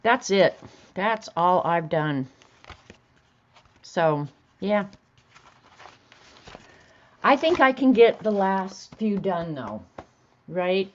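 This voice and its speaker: A chatty woman talks casually to her viewers. She laughs easily, and her voice sits at an ordinary middle pitch. The sound is dull and lo-fi. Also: big pitch swings, extremely slow, long pauses, slight background noise. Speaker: host. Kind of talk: casual livestream chat.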